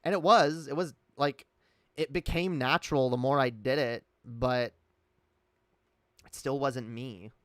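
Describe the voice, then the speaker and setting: A man's voice: medium pitch, measured pace, pauses often, fairly bright tone, dry recording, clean studio sound. A man speaking with a put-on British accent in a casual live-stream chat, rambling candidly, reading chat and swearing often. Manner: reads and answers chat.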